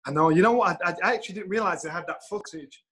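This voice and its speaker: Man, middle-aged, raised pitch, animated storyteller, swears. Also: fast talker, rough recording. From England. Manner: animated, swears, acts out quotes. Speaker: guest storyteller. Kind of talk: anecdotal storytelling.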